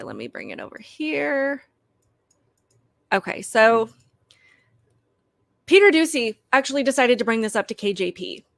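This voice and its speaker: A woman's voice: a little high, a bit bright, no room sound. A woman hosting her own channel, giving earnest, opinionated political commentary straight to her viewers.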